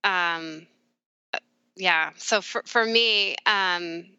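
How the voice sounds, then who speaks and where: A middle-aged woman, a therapist guest, speaking candidly and reflectively in a conversational interview, with soft laughs along the way. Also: lowish voice, extremely slow, clean tone, no room sound, lo-fi sound. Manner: warm, reflective, often laughing softly.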